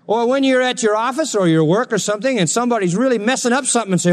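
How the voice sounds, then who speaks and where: A male pastor preaching an expository sermon, animated and jokey, slipping into mocking sarcastic voices. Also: extremely high pitch, racing. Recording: long reverb of a large hall.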